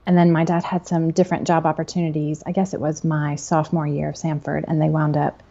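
A woman's voice: low voice, level tone, fast talker, vocal fry, lo-fi sound, slight background noise. A woman in her thirties from the southern United States, a podcast guest telling family stories and laughing easily. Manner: warm-hearted storyteller, laughs easily. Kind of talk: casual podcast interview.

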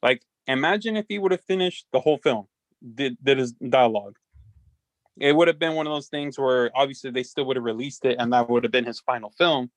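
A man's voice: mid-range voice, brisk, no echo. A man co-hosting a podcast, talking in hesitant casual chat that is full of fillers. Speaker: podcast co-host.

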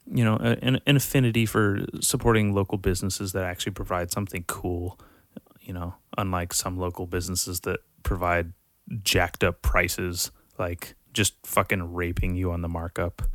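A man's voice: low-pitched, level tone, normal speed, a bit bright, no room sound, clean studio sound. A young man hosting a podcast, rambling and ranting in a casual monologue, swearing constantly and sounding exasperated. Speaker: podcast host.

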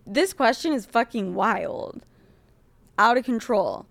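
A woman's voice: a little high, takes it slowly, creaky, no room sound. Blunt, profane young woman podcaster. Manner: blunt, profane and animated, reading listener letters aloud. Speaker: podcast host. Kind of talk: casual podcast advice chat.

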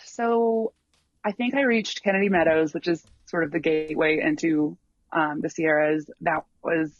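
Speaking at a moderate pace in a steady, slightly high voice, a man guesting in a casual interview tells of his long hike. He rambles, full of ums and restarts, and the recording is dull, lo-fi and dry.

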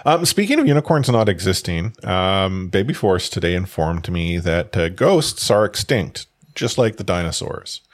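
A man's voice: low voice, big pitch swings. Rambling young father chatting. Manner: rambling, halting with many restarts. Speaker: podcast co-host. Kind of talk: casual chat.

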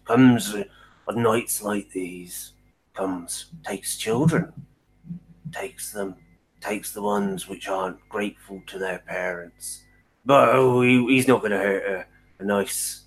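A man's voice: on the low side, breathy edge, exaggerated voice, low-quality recording. A man voicing a grumpy, superstitious male traveller in a tabletop game, muttering gloomy warnings. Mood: ominous. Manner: grumbling, muttering, ominous warnings.

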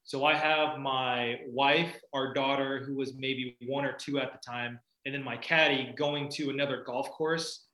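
A man's voice: mid-range voice, steady tone, unhurried, few pauses, bright, forceful tone, reverberant, low-quality recording. A man, a touring golfer, telling a laid-back story in a casual chat with frequent laughs. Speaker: guest golfer.

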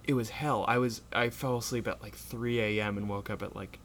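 An American man chatting casually on a podcast, filling his stories with "like" and quick asides. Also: lowish voice, fairly even intonation, fairly bright tone, a little hiss or hum. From United States. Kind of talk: casual chat.

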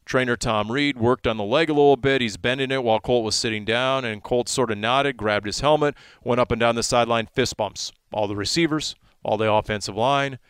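A man talking sports on the radio as a sideline reporter, spinning his stories with lots of energy. His voice leaps upward whenever a moment excites him. The sound is close and dry, with no room around it. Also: medium pitch, brisk, hardly any pauses, clear, resonant tone, dry recording. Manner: animated storytelling, voice jumps up in excitement.

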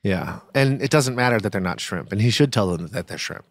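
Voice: sits low, expressive, brisk, no echo. A podcast co-host in casual chat, making dry quips and often dissolving into giggles.

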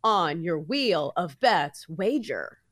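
A woman's voice: on the low side, expressive, slow, a bit bright. A woman co-hosting a sports betting show, playful and full of game-show hype. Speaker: podcast co-host. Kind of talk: casual sports betting chat.

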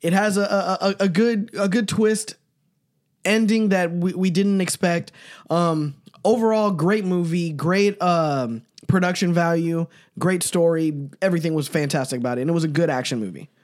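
Higher-voiced man, loose and swearing. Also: normal speed. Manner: loose and joking, swears freely, stumbles over words. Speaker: co-host. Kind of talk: casual chat.

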